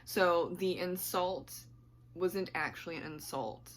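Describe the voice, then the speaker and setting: A woman's voice: lowish voice, takes it slowly. A woman book vlogger chatting casually to camera at home, rambling and laughing often, her voice slightly worn.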